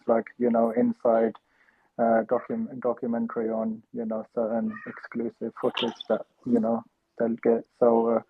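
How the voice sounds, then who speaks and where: A man's voice: mid-range voice, husky, no echo. A man chatting casually and laughing as he talks, over a tinny phone-like line. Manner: chatty, laughing, many fillers and restarts. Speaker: panelist. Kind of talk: casual chat.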